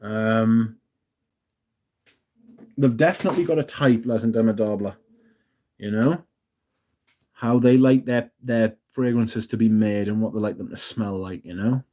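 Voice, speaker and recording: A man's voice: on the low side, fairly even intonation, a little slow, pauses often, mellow. A young man hosting a casual live stream, chatting in a jokey way and reading out messages from the chat. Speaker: livestream host.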